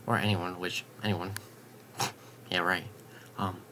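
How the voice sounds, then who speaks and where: A young man vlogging in a late-night ramble at home, swearing casually and drifting into soft half-whispers. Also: low voice, fairly even intonation, slow, background noise.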